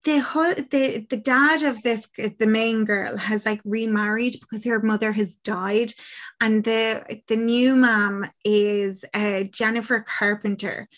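An Irish woman chatting casually, telling a film's story in an animated way with lots of fillers. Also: fairly high pitch, takes it slowly. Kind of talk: casual film recap chat.

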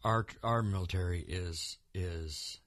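Low-voiced man, rambling podcast talk. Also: takes it slowly, fairly bright tone, no room sound, studio quality. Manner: rambling, many restarts and repeated words. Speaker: podcast co-host. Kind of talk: casual political chat.

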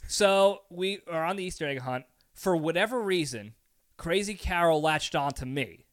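A podcast host with a fairly high voice tells a story during a casual chat, speaking at a normal pace. He's animated, acting out scenes and laughing often.

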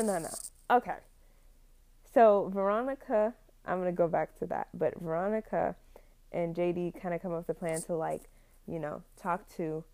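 A woman's voice: lowish voice, a little mellow. A young woman casually retelling a film plot, rambling with many fillers and frequent laughs.

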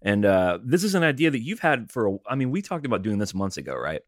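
Low-voiced relaxed male podcast host. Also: quick pace, no room sound, clean studio sound. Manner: relaxed, rambling with fillers. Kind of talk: casual podcast chat.

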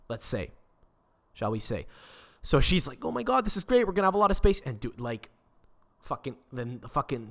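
A man's voice: mid-range voice, fairly bright tone. A young man from Quebec, hosting a podcast in a rambling, swear-filled casual rant. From Quebec, Canada. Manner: swears constantly, rambling restarts. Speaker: podcast host.

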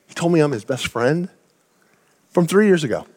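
Man, pastor, sermon, high-pitched, earnest storytelling, echoing church hall. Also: expressive, moderate pace, a little mellow. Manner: earnest storytelling with acted-out quotes. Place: church sanctuary.

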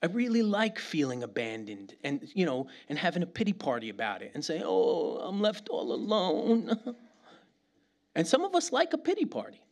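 A middle-aged man from New York City preaching a sermon as pastor, in a lively, conversational way full of slang and asides. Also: fairly high pitch, quick pace, few pauses.

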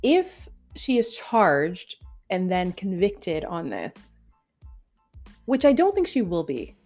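A woman from Canada talks through a news story for her vlog, reading passages aloud and then breaking off into chatty, reactive commentary. Her voice sits a little low, and she laughs at her own slip-ups with names. Soft music plays faintly behind her. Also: wildly swooping pitch, slow pace. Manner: chatty and reactive, stumbling over names with self-deprecating asides. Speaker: commentary vlogger.

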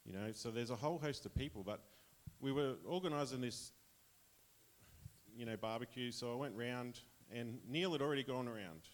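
A man's voice: medium pitch, normal speed. An Australian man casually sharing a personal testimony with his church, chatty and rambling, often laughing.

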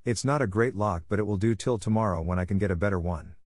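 A practical, exasperated estate manager in middle age, all business and brisk in how he talks, read by a man. The voice is low and dry, with no room sound. This is a storybook reading, close to the reader's own voice. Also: a little mellow, no echo, natural voice.

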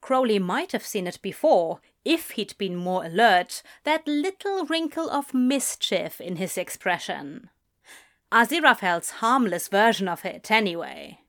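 A woman reading a story aloud, narrating in an unhurried, expressive way. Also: mid-range voice. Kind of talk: reading fan fiction aloud.

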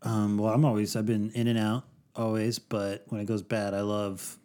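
A man's voice: lowish voice, level tone, normal speed, warm tone. A young man chatting as a podcast guest, rambling and restarting his sentences as he tells stories. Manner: rambling, self-interrupting storyteller. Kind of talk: casual podcast chat.

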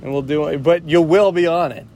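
Playful, teasing podcast host. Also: male voice, a little high, steady tone, a little fast, darkish tone, a little hiss or hum. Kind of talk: casual chat.

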